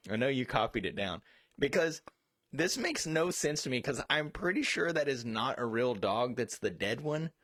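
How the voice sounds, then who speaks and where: A man co-hosting a casual chat, rambling, profane and quick to get excited. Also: mid-range voice, no echo, studio quality. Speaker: co-host.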